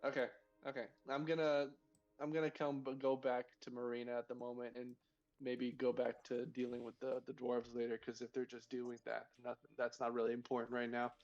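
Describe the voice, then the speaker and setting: A man's voice: medium pitch, completely flat delivery, a little fast, a little mellow, muffled recording, soft background music. A man playing a tabletop game, thinking aloud with hesitant restarts. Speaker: player.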